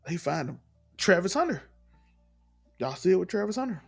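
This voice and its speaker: A man's voice: sits high, very animated, normal speed, gravelly, slightly rough, soft background music. A man from Mississippi, delivering an emphatic, rambling opinion monologue and repeating his points. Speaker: commentator in clip.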